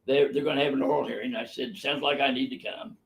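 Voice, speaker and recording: A man's voice: medium pitch, fairly even intonation, quick pace. An older man, a physician hosting a live webinar, telling stories in a blunt, emphatic, opinionated way. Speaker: physician host answering viewer questions. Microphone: live webinar microphone.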